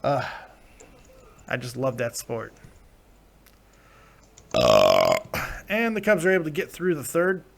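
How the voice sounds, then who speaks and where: A man's voice: medium pitch, wildly swooping pitch, slow pace, gravelly, pauses often, slight background noise. A tired man hosting a live reaction stream, casually reading chat comments aloud with plenty of swearing and laughter. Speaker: live-stream show host.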